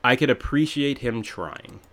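A man's voice: mid-range voice, animated, unhurried, a bit bright. Wry man co-hosting a film podcast. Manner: wry, critical, rambling asides. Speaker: podcast co-host. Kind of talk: casual film review chat.

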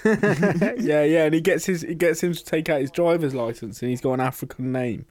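A man's voice: fairly high pitch, moderate pace, a little mellow, no echo. A young man, co-hosting a casual podcast, joking and swearing with his friend. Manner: laughs often, sweary, joking. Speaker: podcast co-host. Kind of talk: casual banter.

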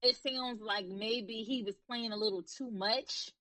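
A woman guest in casual chat, talking hesitantly and thinking out loud. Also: a little high, measured pace, poor audio. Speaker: podcast guest.

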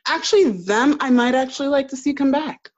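A woman's voice: high voice, brisk, lo-fi sound. A woman co-hosting a casual TV recap chat, emphatic and opinionated, repeating her points. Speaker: podcast co-host.

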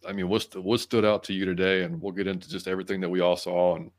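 A middle-aged man hosting a podcast with a somewhat low voice. His talk is loose and rambling, full of fillers, and he keeps adding "man" to the end of his lines. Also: level tone, quick pace. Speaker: podcast host. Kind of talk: casual chat.

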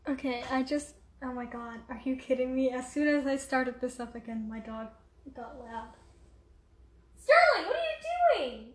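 Young woman, high voice, unhurried rambling vlog chat, filler-heavy, roomy home echo. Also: steady tone, heavy background noise. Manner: rambling, distracted, many fillers. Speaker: vlogger. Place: room at home.

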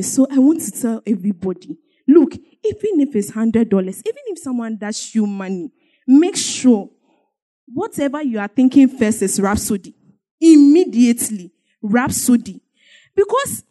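A woman stands up to give a church testimony. She presses her points by repeating them and breaks into laughter as she talks. Her voice sits a little higher than most. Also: dark tone. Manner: emphatic, repetitive storytelling with bursts of laughter. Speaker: church member giving a testimony.

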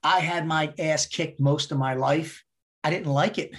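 A man's voice: fairly high pitch, steady tone, measured pace, a bit bright. A man as a podcast guest talking casually, blunt and heavily profane, driving his points home with repetition. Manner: emphatic, repeats words for effect. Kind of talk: casual interview talk.

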